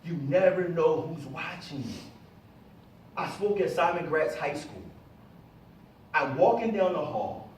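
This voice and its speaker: A middle-aged man giving an animated motivational talk to a live audience and calling on them to answer. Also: on the high side, unhurried, long pauses, a little hiss or hum. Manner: animated, calls on the audience for responses. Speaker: motivational speaker. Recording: echoey room, voice from a distance.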